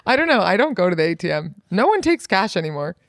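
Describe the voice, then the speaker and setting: A woman chats on a podcast and rambles from one thought to the next, with plenty of fillers and frequent laughs. Her voice has a gravelly, fry-heavy edge. It sits at a middle pitch and is recorded dry and close. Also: very animated, fast talker, dry recording. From United States. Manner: chatty, rambling, laughs often, many fillers. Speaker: guest author. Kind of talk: casual podcast chat.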